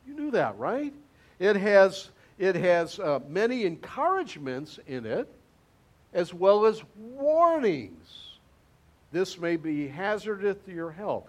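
High-voiced pastor, chatty and repetitive. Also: male voice, very animated, slow pace. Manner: conversational, repeats words for emphasis. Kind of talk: interactive sermon with congregation.

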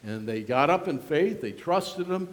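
A pastor from western New York preaching a sermon in a church, acting out prayers and quotes with strong feeling. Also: male voice, on the high side, animated, a little slow. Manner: emotive, acts out prayers and quotes in varied voices. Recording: long hall reverb.

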